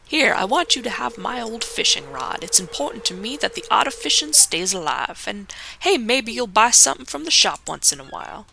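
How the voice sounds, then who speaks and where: A woman's voice: fairly high pitch, sing-song, a little fast, gravelly, pushed and bright, slight background noise, pitched above the performer's own voice, exaggerated voice. A woman voicing a jovial old fisherman in a game, with a hearty seafaring drawl. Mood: friendly. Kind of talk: game character voice.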